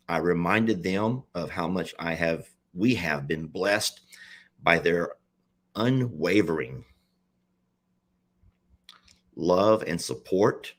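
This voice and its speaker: Male vlogger, low and unhurried, emotional confessional talk, stumbles and repeats, near tears. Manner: halting, repeats himself, confessional. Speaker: animal sanctuary owner and page host. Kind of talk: emotional personal vlog.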